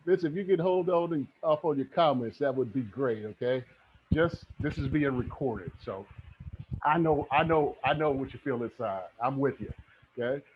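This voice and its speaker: A middle-aged man teaching real estate in a live online webinar, energetic and motivational, often checking in with "okay?". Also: medium pitch, normal speed, muffled recording, slight background noise.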